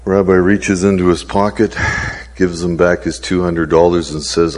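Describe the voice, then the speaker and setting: A man's voice: low-pitched, level tone, moderate pace, darkish tone, big-room sound. A man preaching a sermon as pastor, telling a story unhurriedly with frequent fillers.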